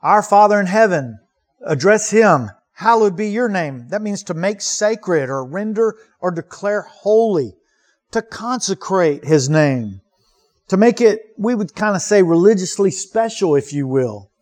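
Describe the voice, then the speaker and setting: A man's voice: high voice, animated, unhurried. A man preaching a sermon as pastor, earnest and emphatic, asking rhetorical questions and repeating key words.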